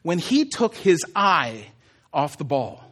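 A male pastor preaching a sermon in a church, animated and conversational, moving between quiet reflection and emphatic exclamations. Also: a little high, slow. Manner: animated, swings from soft to emphatic.

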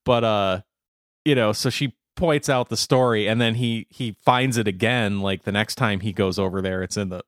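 A man's voice: lowish voice, moderate pace, no echo, studio quality. A man co-hosting a podcast in casual chat, laughing often and slipping into mock accents when he quotes. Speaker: podcast co-host.

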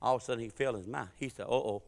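A man preaching a sermon with humorous stories, folksy and full of dialect, swinging from loud preaching to quiet asides. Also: medium pitch, very fast, vocal fry. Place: church sanctuary. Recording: reverberant church sanctuary.

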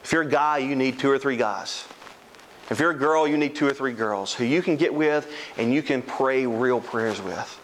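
A man's voice: mid-range voice, moderate pace, slight background noise, poor audio. A man preaching a sermon as a pastor, earnest and emphatic.

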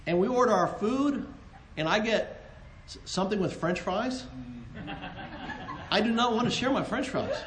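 Brief: high-pitched man, earnest Christian marriage talk with jokes, roomy echo. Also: moderate pace, long pauses, slight background noise. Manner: earnest and animated, joking, with repeated restarts. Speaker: co-host, married couple ministry.

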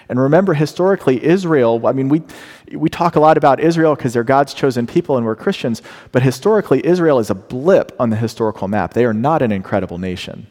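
A man preaching a sermon, acting out scripture in a lively way with big rises and drops. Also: mid-range voice, fast. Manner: animated, dramatic paraphrasing of scripture. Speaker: pastor. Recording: long hall reverb.

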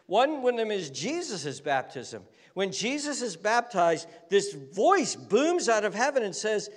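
A male pastor preaching a sermon with passionate repetition, dropping to hushed whispers at times. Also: high voice, huge pitch swings, measured pace, few pauses. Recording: long hall reverb.

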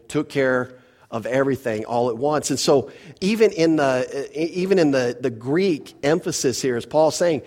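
A pastor preaching an expository sermon to his congregation, emphatic and full of rhetorical questions, often dropping to a softer voice. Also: mid-range voice. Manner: emphatic, rhetorical questions, drops to soft asides.

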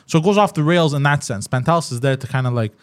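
Joking man with a lifted pitch. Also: expressive, fast talker. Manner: joking, laughs often, says bro. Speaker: podcast host. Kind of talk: casual chat.

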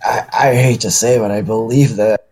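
A man co-hosting a casual podcast chat, making dry jokey asides in a halting way. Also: lowish voice, fairly even intonation, darkish tone, a little hiss or hum. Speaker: podcast co-host.

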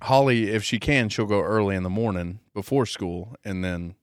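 A man, a father of a schoolchild, chiming in with quick jokes in casual chat. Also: on the low side, clean tone, no room sound, clean studio sound. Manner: quick joking interjections.

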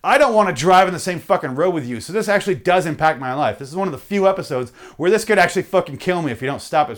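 A man's voice: on the high side, fast talker, few pauses. A man hosting a podcast, ranting comedically and profanely and acting out little bits. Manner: profane, animated, acts out bits. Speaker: podcast host. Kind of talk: comedic solo rant.

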